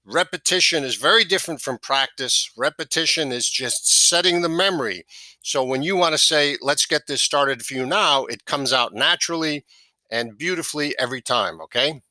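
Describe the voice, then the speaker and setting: A man's voice: fairly high pitch, expressive, moderate pace, bright, forceful tone, dry recording. A man teaching a sales course, coaching step by step and checking in with "right?" and "okay?" as he goes. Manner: coaching, repeats key phrases, asks "right?" and "okay?". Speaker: sales trainer. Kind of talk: instructional talk to camera.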